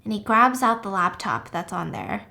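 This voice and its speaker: A woman casually recapping a thriller film on her podcast, chatty and animated. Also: medium pitch, normal speed, vocal fry. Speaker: podcast host.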